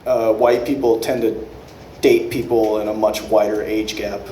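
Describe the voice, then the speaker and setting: A man doing an unrehearsed stand-up set, rambling and profane, with quick self-correcting asides. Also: on the low side, level tone, dark tone, roomy sound, a little hiss or hum. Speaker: stand-up comedian.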